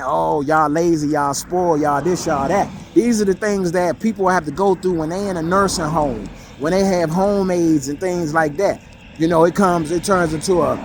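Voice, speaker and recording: A man's voice: fairly high pitch, slight background noise. A man giving a blunt, emotional monologue, profane and repeating himself for emphasis. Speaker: vlogger.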